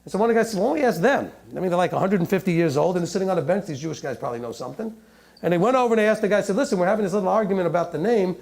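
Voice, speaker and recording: Man, sermon, high lively voice, animated, joking asides. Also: creaky. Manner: animated, joking, reads scripture aloud slowly. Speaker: teacher.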